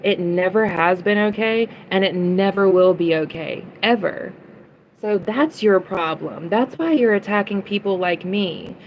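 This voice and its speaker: A woman's voice: medium pitch, slight background noise, poor audio. A young woman livestreaming, ranting at chat comments in a heated, profane way and repeating lines for emphasis. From United States.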